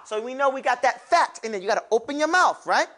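A man's voice: extremely high pitch, expressive, fast talker, fairly bright tone. A man teaching a classroom lesson on pronouncing letters for Quran recitation, animatedly drilling his class to repeat sounds aloud.

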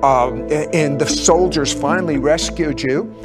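A man's voice: fairly high pitch, unhurried, music in the background. A man hosting a Christian television talk show, retelling guests' stories with exclamations. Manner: animated, exclaiming storyteller with laughs.

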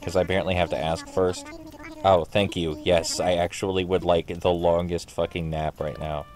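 Low-voiced man musing sarcastically over gameplay. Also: little pitch movement, a little fast, darkish tone. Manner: sarcastic, rambling, swears casually. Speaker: gaming streamer. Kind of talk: casual let's play commentary.

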